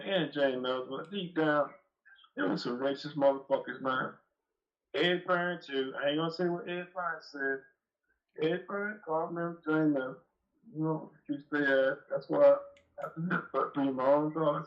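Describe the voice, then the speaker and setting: A man's voice: fairly high pitch, vocal fry. Man, profane rambling storyteller, dull lo-fi phone audio. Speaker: guest dog breeder. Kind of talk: casual storytelling on a live call-in show.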